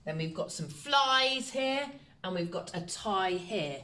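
A woman teacher, giving a slow, encouraging phonics lesson to young children and sounding out letters. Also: medium pitch, lively intonation, bright, forceful tone. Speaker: primary school teacher. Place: home, recorded for online learning.

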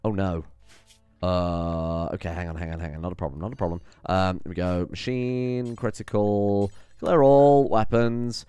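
A man's voice: deep voice, moderate pace, clear, resonant tone, no echo. Exasperated man narrating a game. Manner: exasperated, swears and swings loud. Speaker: gaming commentator. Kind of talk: let's play commentary.

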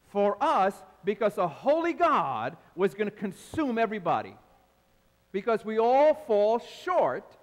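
Male pastor, high lively voice, energetic sermon, long hall reverb. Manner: animated preaching, calls out to the congregation. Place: large church hall.

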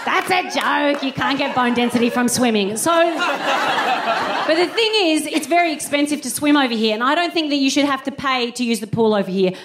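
A woman performing live stand-up comedy as co-host, brash, sweary and self-mocking. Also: a little high. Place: large arts-centre venue with a live audience. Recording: roomy live stage with audience noise.

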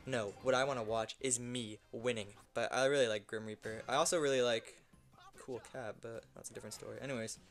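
A young man giving loose, excitable commentary over his own gameplay, swearing and shouting at wins and losses. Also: mid-range voice, fairly quick, soft background music. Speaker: gaming YouTuber.

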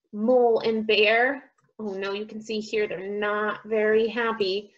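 A woman speech teacher reading a picture book aloud to young children, sounding out words slowly and with exaggeration. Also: mid-range voice, steady tone, dull audio.

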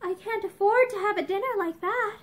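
A woman's voice: extremely high pitch, a little fast, pitched above the performer's own voice. A woman voicing a weary, guarded young woman of little means who speaks tiredly and with distress.

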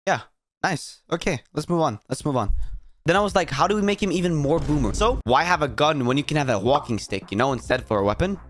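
A man's voice: a little high, lively intonation, quick pace, a little hiss or hum. A man giving casual, joking commentary as a video creator, teasing and sarcastic as he talks to his viewers.

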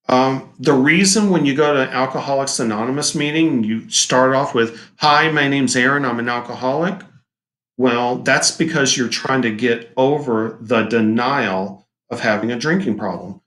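A male teacher giving a recorded lecture with a relaxed, joking delivery. He speaks at a medium pitch and now and then acts out what people say. The sound has a noticeable room echo. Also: a little slow. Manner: casual, joking, acts out quoted lines.

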